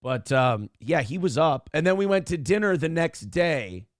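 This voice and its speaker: Male morning show host with a slightly high voice, dry close recording, rambling and swearing as he tells a story. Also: sing-song, moderate pace, no echo. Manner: profane, rambling, acts out quotes in other voices. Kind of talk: casual storytelling monologue.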